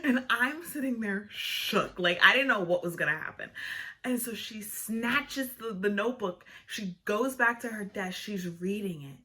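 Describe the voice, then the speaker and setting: A young woman vlogger telling a casual storytime, animated and full of "like" fillers. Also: medium pitch, a little slow. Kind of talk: storytime vlog, casual chat.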